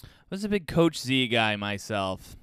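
A man co-hosting a podcast in loose, joking banter, his pitch bouncing all over the place. His voice is smooth and resonant. The sound is dry and close, with no room around it. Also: sing-song, a little slow, fairly bright tone, dry recording. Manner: playful, laughs often. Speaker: podcast co-host. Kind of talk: casual chat.

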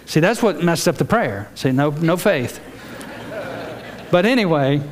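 Older man, pastor, sermon, folksy storytelling, humorous asides, slightly high voice. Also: lively intonation, unhurried, slight background noise.

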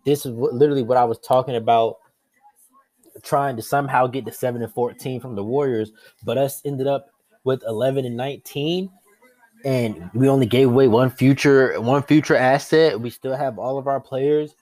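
A young man talking straight to his camera in a live reaction vlog. He is excitable and gushing, and he circles back to the same happy phrases again and again. His voice sits in an ordinary middle range. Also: medium pitch, normal speed, no echo. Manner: excitable, repetitive, breathless with joy. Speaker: sports fan reacting live.

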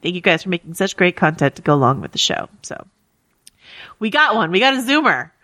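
A woman's voice: fairly low pitch, very animated, brisk, pushed and bright, no echo, studio quality. A woman co-hosting a podcast, casually reading listener emails aloud with easy laughs and frequent fillers. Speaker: podcast co-host.

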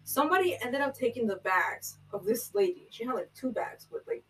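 Rapid-fire rambling young woman storyteller. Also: a little high, expressive, fairly bright tone, distant mic, a little hiss or hum, low-quality recording. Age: young adult. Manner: rambling storyteller, heavy "like" fillers and swearing. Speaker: podcast co-host. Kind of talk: casual chat.

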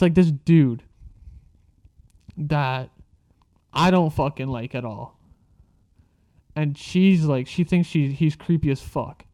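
A man's voice: mid-range voice, no room sound, dull audio. A young man telling a casual story, rambling and swearing freely, with lots of filler words. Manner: rambling, profane, filler-heavy.

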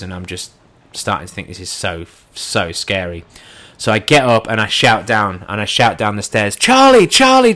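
A man telling a first-person anecdote in an animated way, acting out his own lines and his friends' lines as he goes. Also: on the low side. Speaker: storyteller.

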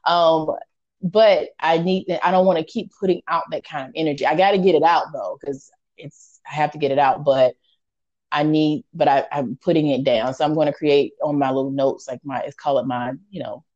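A woman's voice: deep voice, steady tone, moderate pace, a little mellow, dry recording, muffled recording. A woman co-hosting a podcast who talks candidly and reflects on herself in casual chat. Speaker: podcast co-host.

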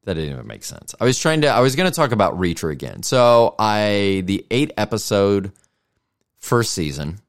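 Rambling low-voiced man hosting a podcast. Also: sing-song, normal speed. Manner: rambling, self-deprecating, thinks aloud. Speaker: podcast host. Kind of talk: casual solo podcast monologue.

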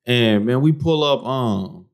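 A man's voice: medium pitch, animated, slow, smooth. A man co-hosting a podcast, telling a story in a laid-back, slangy way, dropping "bro" and "man" into almost every line. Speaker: podcast co-host. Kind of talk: casual storytelling.

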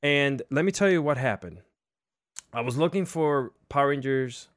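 A man's voice: mid-range voice, moderate pace, no echo, clean studio sound. A young man hosting a casual livestream, chatty and self-deprecating, with lots of fillers. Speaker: livestream host.

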